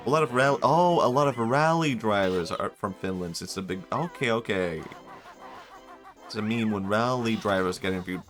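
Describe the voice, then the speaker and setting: A man's voice: fairly low pitch, fairly quick, a bit bright, faint music behind. A young man from Sweden, rambling and reacting to chat on a casual live stream, amused at his own jokes.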